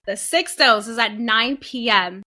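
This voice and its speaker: Woman podcast host, bright clear voice, chatty and animated, swears now and then. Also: fairly high pitch, a little slow, rough recording. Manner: animated, acts out quoted voices, swears casually. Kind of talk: casual storytelling chat.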